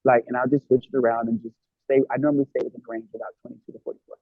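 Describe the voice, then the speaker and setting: A man chatting casually as a tarot reader in an interview, lively and often quoting other people in character. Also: medium pitch, very fast, no room sound. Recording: tinny phone-like line, dry.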